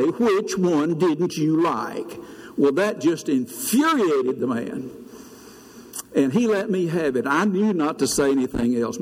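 An older man, preaching a sermon as pastor, telling a story in an earnest way. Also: a little mellow. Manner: storytelling, earnest, rises high when preaching. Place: church sanctuary. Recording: long reverb of a church hall.

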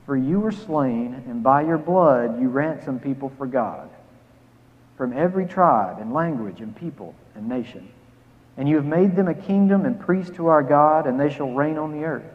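A man's voice: mid-range voice, expressive, moderate pace. Man preaching in a reverberant hall. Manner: emphatic, rising on key phrases, dropping soft in prayer. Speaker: pastor. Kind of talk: sermon with scripture reading and prayer. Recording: phone-like sound with long hall reverb.

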